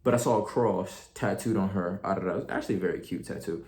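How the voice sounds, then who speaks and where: Animated young man telling a story. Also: low voice, fast talker. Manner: animated, slangy, acts out quotes. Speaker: vlogger. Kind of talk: casual storytelling to camera.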